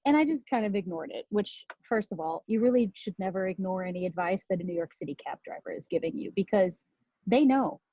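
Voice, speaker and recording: A woman tells a story from her own life as a talk, candid and quick to laugh, swearing freely. Her voice is warm and mellow, mid-pitched. It is recorded dry, with a slightly dull lo-fi sound. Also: expressive, no echo. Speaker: podcast host and speaker.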